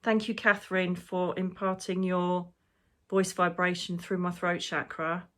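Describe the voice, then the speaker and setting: Rambling woman with a low voice. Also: level tone, a little slow, a bit bright. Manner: emotional, rambling, swears casually. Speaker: psychic medium. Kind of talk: casual spiritual monologue.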